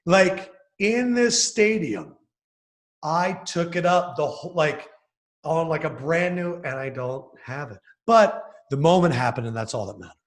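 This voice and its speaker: Animated male sports host. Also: on the high side. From Philadelphia area. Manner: animated storyteller, fast excited bursts. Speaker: sports TV host, podcast guest. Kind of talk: casual podcast interview.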